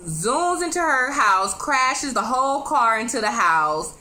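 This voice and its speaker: Bright, animated woman recapping a TV episode. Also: on the high side. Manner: animated, chatty, laughing often; addresses viewers directly with quick asides. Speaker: TV show reviewer.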